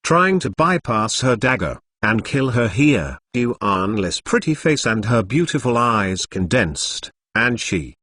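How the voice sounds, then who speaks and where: A computer-generated man's voice narrates a martial-arts novel, reading every punctuation mark aloud as if it were text. His pitch rises and falls widely from phrase to phrase, and the sound is close and completely dry. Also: very animated, slow, hardly any pauses, bright, forceful tone, dry recording. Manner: reads punctuation aloud, like "exclamation mark" and "dot dot dot". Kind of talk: machine-read novel narration.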